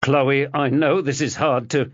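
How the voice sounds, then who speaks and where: A man's voice: medium pitch, steady tone, unhurried, a bit bright, no room sound, highs cut off, pitched above the performer's own voice. A man voicing a desperate middle-aged detective father in an audiobook, pleading urgently.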